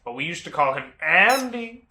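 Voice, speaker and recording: Guy putting on a laid-back maine-accent seller, calls you bud, bright echoey sound. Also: on the high side, sing-song, moderate pace, a little hiss or hum, heavily acted. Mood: easygoing. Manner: easygoing, calls people bud. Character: laid-back middle-aged male car seller.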